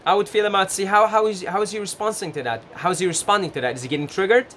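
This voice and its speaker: A man giving gentle, casual advice straight to the camera, full of fillers and restarts. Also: high voice, rapid-fire, a little hiss or hum. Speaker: advice vlogger.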